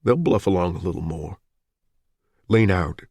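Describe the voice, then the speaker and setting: Reader as a calm, calculating fugitive, deep and terse. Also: male voice, a little slow, breathy edge, dry recording, clean studio sound, heavily acted. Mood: tense. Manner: quiet, clipped, controlled. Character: hunted wounded man, cool and calculating. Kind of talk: audiobook character voice.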